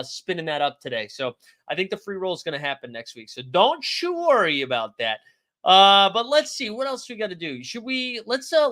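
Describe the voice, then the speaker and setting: A man's voice: high voice, a bit bright. A man hosting a fantasy basketball livestream, chatting loosely and jokingly, greeting viewers by name from the comments. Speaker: fantasy sports livestream host. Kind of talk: casual livestream chat reading viewer comments.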